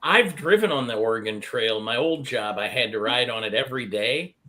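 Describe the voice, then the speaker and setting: A man in casual chat, making wry, deadpan complaints. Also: medium pitch, moderate pace, slight background noise.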